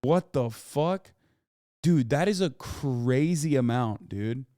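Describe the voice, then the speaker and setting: A man's voice: medium pitch, lively intonation, takes it slowly, mellow, no room sound. A man streaming live, reacting casually on a close mic in a profane, incredulous, off-the-cuff way.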